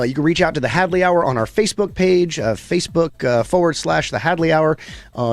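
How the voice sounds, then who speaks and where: A man's voice: mid-range voice, no echo. A man hosting a radio music show in casual, rambling chat, plugging the show and poking fun at himself between songs. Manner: rambling, self-deprecating, upbeat plugging.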